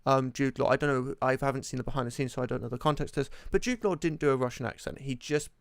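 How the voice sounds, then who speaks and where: A man in casual podcast chat, hesitant and halting, with many ums as he searches for examples. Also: medium pitch, fairly even intonation, no echo.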